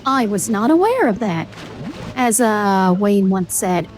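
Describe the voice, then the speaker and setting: A woman's voice: mid-range voice, animated, slow pace, a little mellow, soft background music. A woman playing a game on a stream, chatty as she explains the game and drops bits of trivia. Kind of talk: casual gaming stream commentary.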